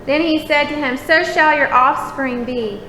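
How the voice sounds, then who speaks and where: A woman slowly reading scripture aloud in a church. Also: high-pitched, sharp tone, slight background noise. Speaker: scripture reader. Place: church chapel. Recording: echoey church hall from far off.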